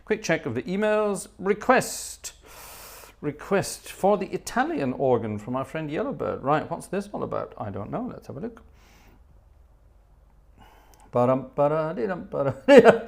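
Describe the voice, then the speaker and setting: A man hosting a live music stream, with a fairly high voice that swoops up and down as he chats. His talk is playful and teasing, and he hums little tunes between remarks. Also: big pitch swings, normal speed, vocal fry. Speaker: livestream host playing organ. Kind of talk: chatty live-stream banter.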